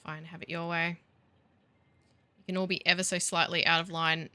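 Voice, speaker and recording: A woman's voice: on the low side, little pitch movement, moderate pace, bright, forceful tone, no room sound. A woman giving casual gameplay commentary, wry and self-mocking, grumbling at the game as she builds. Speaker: gaming video host.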